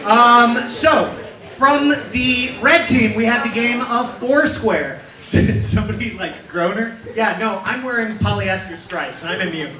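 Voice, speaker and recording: Young male emcee, jokey, high bright voice, live improv show, echoey hall from far off. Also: measured pace.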